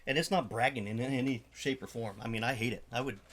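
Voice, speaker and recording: A middle-aged man who founded a charity, telling an emotional story in an interview, halting with frequent fillers and restarts. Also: mid-range voice, fairly bright tone.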